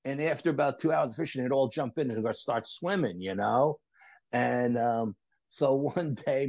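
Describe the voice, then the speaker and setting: A middle-aged man, telling a story as a podcast guest, animated and repeating phrases for emphasis. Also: medium pitch, no echo. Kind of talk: storytelling in casual conversation.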